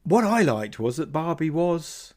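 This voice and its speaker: Animated man chatting on a podcast. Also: on the high side, a little slow. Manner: animated, laughs and trips over words. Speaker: podcast guest. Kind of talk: casual chat.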